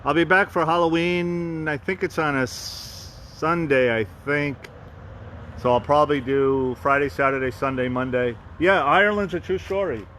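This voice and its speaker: A man's voice: on the high side, moderate pace, fairly bright tone. Casual guy chatting into his phone outdoors, keeps restarting, bit of street noise. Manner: chatty, rambling, frequent restarts. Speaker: vlogger and fan group host. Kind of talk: rambling live-stream chat.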